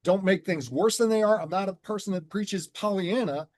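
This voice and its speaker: A man telling his story in an earnest, measured way and slowing down on key words, as a guest on a conversational show. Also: high voice, darkish tone, dry recording. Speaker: guest, transformation coach.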